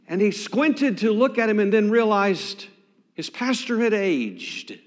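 A man preaching a sermon as pastor, swinging dramatically between loud emphasis and hushed near-whispers. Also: high voice, very animated, unhurried. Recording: long hall reverb.

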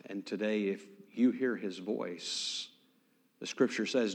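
A man preaching a sermon as pastor, swinging dramatically between loud emphasis and hushed near-whispers. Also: on the low side, takes it slowly. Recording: long hall reverb.

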